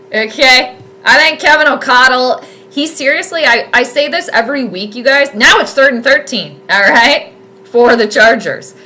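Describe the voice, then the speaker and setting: A woman giving chatty, excitable live commentary on a football game from home, rambling with lots of fillers. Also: high-pitched. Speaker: sports streamer doing live game commentary.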